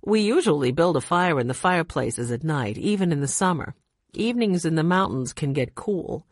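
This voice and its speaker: Friendly chatty lodge owner lady from a storybook, low voice, dry close recording, read by a woman. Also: expressive, normal speed, no echo.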